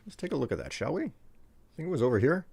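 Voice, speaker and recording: A man's voice: a little high, sing-song, quick pace, gravelly, a little mellow, breathy edge, no echo, clean studio sound. A man chatting casually to his live-stream chat while he plays, rambling and joking. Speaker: game streamer.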